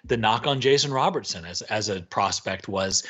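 Male podcast co-host, low husky voice, analytical chat with rhetorical tags. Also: moderate pace, a bit bright. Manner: analytical, asks rhetorical "right?". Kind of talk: casual chat.

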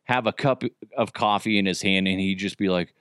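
A man in his thirties tells old radio stories, rambling and swearing freely. He jumps in pitch when he gets excited and keeps restarting his sentences. His voice sounds close and dry. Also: brisk, clean tone, no echo. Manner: rambling, profane, animated, self-correcting. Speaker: podcast host, former radio producer. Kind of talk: casual storytelling.

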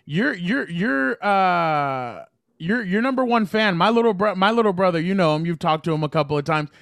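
A man's voice: sits high, animated, moderate pace, creaky, a bit bright, no echo, studio quality. Rambling, chatty sports-talk man. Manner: rambling, many restarts, retells stories with quoted voices. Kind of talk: casual sports chat.

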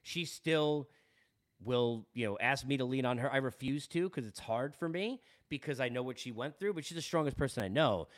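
A man's voice: mid-range voice, expressive, moderate pace. A man with a Long Island New York accent, hosting a podcast and speaking earnestly and candidly in a personal monologue, often repeating words as he goes. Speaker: podcast host.

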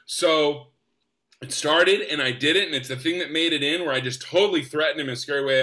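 A young man from the United States, an actor guest, telling stories in an enthusiastic, animated way. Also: on the high side, a little fast. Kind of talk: casual storytelling.

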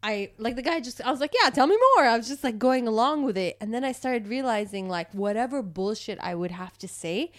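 A woman in casual chat, telling a story in an animated way and laughing often. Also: on the high side, brisk, hardly any pauses.

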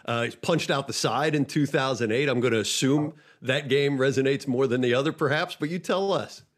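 Male interviewer, conversational, steering the guest with easy prompts, middle pitch. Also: brisk. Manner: conversational, leading questions. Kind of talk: interview questions.

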